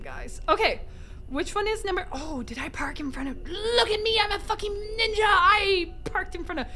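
A woman streaming a game live from home, excitable and jokey, swearing and laughing often as she talks to chat. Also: very high voice, normal speed. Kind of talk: live gameplay commentary.

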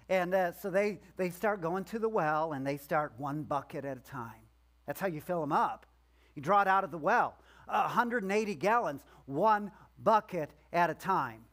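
Male pastor with a high voice, preaching casually in church, adding asides and doing character voices. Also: normal speed, a bit bright. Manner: conversational, joking, acts out voices of the story figures. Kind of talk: sermon.

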